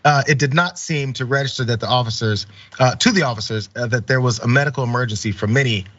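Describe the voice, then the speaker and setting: A man's voice: mid-range voice, quick pace, a bit bright, dry recording. Indignant male news commentator, muffled audio. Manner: conversational, many fillers, indignant rhetorical questions.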